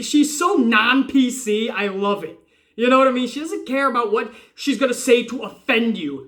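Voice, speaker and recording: A man in his forties or older giving a casual wrestling review, excitable and rambling, swearing freely. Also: sits high. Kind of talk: casual profane review rant.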